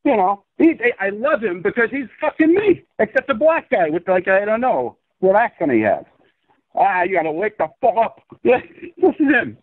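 A man calls in to an interview and rants in a rambling, profane stream. His voice sits high and swings widely in pitch. The sound comes through a tinny phone line. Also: very animated, moderate pace, few pauses, dry recording. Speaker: guest.

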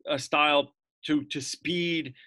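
A man's voice: fairly high pitch, steady tone, takes it slowly, sharp tone. A male interviewer who mostly gives short affirmations, then moves into a question. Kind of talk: interview conversation.

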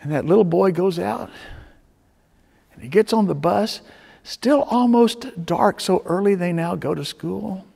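A male pastor preaching a sermon, telling stories with dramatic swings between loud urging and hushed tones. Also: sits high, a little slow, creaky, slightly rough. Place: church sanctuary. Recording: long reverb of a church sanctuary.

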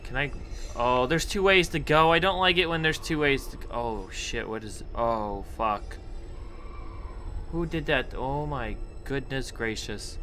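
A man's voice: mid-range voice, a little slow, sharp tone, slight background noise. A young man commentating a horror game, nervous and jumpy, chatting to objects around him and yelping at scares. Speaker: gaming YouTuber.

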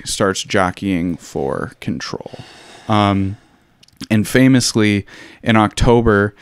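Low, smooth-voiced man chatting history. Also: no room sound, clean studio sound. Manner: loose and chatty, many ums, wry asides. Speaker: podcast host. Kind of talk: casual history chat.

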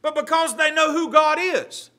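A man leads a church Bible study as pastor. His voice sits high and sounds bright. He teaches earnestly, sinking to a near hush and then rising to press a point. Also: normal speed. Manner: earnest preaching, swings from loud to hushed.

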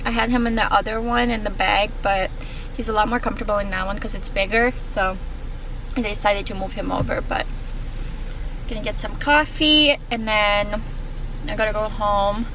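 This young woman's voice sits on the high side, a bit bright, with lively intonation at a normal speed, and there's slight background noise. Vlogging as a stay-at-home mom, she narrates casually for the camera and sweet-talks her toddler in a sing-song way.

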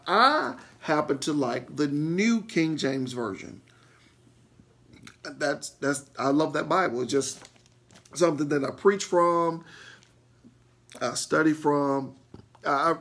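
A man, a pastor, teaching a Bible lesson with emphatic repeats and frequent "okay?" check-ins to his listeners. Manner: animated, swings between loud bursts and low asides.

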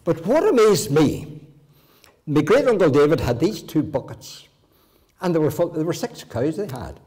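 An elderly man in his eighties with a Northern Irish accent preaches in a church, telling folksy stories from his childhood. His voice is fairly high for a man and swings up and down with lots of life. The tone stays warm and mellow. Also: very animated, normal speed. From Northern Ireland. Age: 80s. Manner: homely anecdotes with occasional restarts. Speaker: guest preacher. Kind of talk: folksy storytelling sermon.

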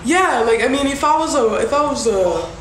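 A woman's voice: high voice, expressive, moderate pace. A woman on a phone livestream, casually telling a story, acting out the voices of the people in it and swearing freely. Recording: roomy with background noise.

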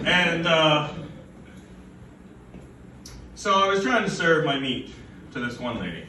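A man's voice: on the high side, expressive, slow, bright, forceful tone. A young man performing a stand-up comedy set with rambling, absurd, stammering delivery at a live event. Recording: roomy, from far off, faint noise.

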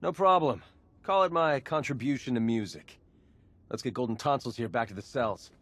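A man's voice: mid-range voice, a bit bright, natural voice. Robin, a man voicing a cocky young sidekick. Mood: wisecracking. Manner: quippy, brisk. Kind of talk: video game dialogue.

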